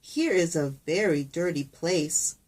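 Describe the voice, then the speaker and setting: A woman voicing a small, grumpy young male pig who loves mud, with high squealing exclamations. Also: slow pace, darkish tone. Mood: cheerful.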